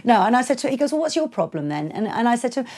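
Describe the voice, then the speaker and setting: A woman who works as a DJ and producer tells candid stories as a podcast interview guest. Her voice sits a little high and moves very fast, and she's blunt and animated, acting out quotes and laughing often.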